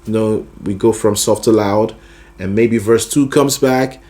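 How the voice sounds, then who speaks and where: A man's voice: on the low side, a little slow, mellow. A man teaching a singing lesson, explaining voice registers and often checking in with the listener. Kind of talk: explaining with sung demonstrations.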